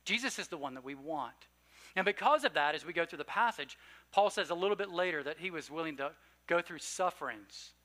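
A man preaching a sermon as pastor, earnest and conversational, punching key phrases and then dropping low and slow. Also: sharp tone. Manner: conversational asides with fillers.

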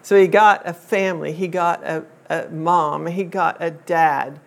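Older woman, lowish voice, chatty storyteller addressing a group, lots of ums. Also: fairly even intonation, gravelly. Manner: chatty, unhurried, with many um fillers and restarts. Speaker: speaker telling a family story to a group. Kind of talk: personal storytelling to an audience.

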